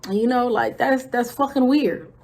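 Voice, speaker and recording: A woman with a husky, breathy and fairly high voice tells a story to her channel. She uses slang and swears freely, and she acts out moments by whispering. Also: normal speed, darkish tone. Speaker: vlogger. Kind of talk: casual storytime.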